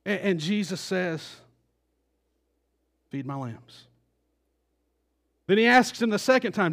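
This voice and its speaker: Male pastor, high-pitched, animated sermon delivery, dramatizes quotes. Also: takes it slowly, gravelly, long pauses. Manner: animated, acts out quoted voices with rising intensity.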